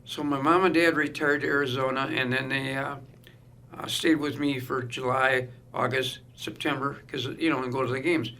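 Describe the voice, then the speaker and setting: In a mid-range voice at normal speed, a middle-aged guest shares stories casually. He animates them by acting out what the other people said.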